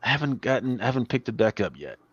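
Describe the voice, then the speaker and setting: A man hosting a casual livestream chat, talking in a relaxed, rambling way that often trails off. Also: mid-range voice, fast, husky, no room sound. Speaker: host. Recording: dry, dull lo-fi sound.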